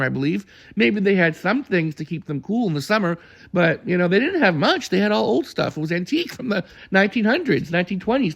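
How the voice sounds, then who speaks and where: Brief: man, gravelly tone, rambling casual storyteller who chuckles now and then. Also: high voice. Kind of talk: casual reminiscing.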